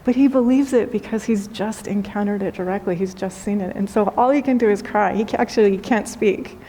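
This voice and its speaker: A middle-aged woman speaks as a spiritual teacher, gentle and unhurried, with soft emphasis and warm storytelling. Her voice sits in a middle pitch for a woman. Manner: gentle, unhurried, softly emphatic, with light laughs. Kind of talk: spoken dharma talk with storytelling.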